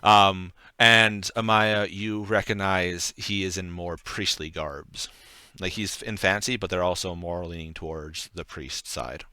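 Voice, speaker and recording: Man, game master, low voice, bright tone, rambling relaxed narration, dry close sound. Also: a little slow, clear, resonant tone, no room sound. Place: home setup on stream.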